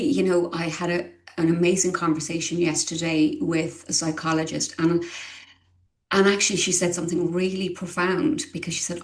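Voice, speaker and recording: Earnest woman speaking candidly, slightly low. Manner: earnest and emotional, with frequent restarts and hesitations. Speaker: guest, parent of a child with dyslexia. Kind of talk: candid conversational interview.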